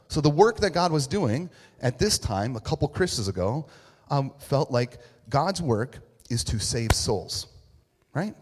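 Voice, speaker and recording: A man's voice: a little high, husky. A man giving a casual, joking sermon as pastor, acting out the voices of the people in his story. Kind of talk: conversational sermon. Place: church sanctuary. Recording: long reverb of a hall.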